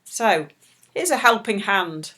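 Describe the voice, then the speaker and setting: A middle-aged woman leading a children's church talk, speaking slowly and gently to small children. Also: mid-range voice. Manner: slow, animated, talks warmly to small children.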